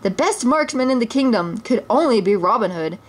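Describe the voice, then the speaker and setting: A woman's voice: on the high side, expressive, a little fast, slight background noise, natural voice. A woman voicing a vain, pompous male lion prince who barks orders, in a storybook reading.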